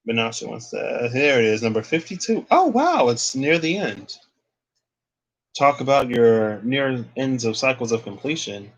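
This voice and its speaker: A man's voice: mid-range voice, very animated, a little slow. A young man giving a casual, rambling tarot reading, thinking aloud and restarting his phrases often. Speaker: tarot reader.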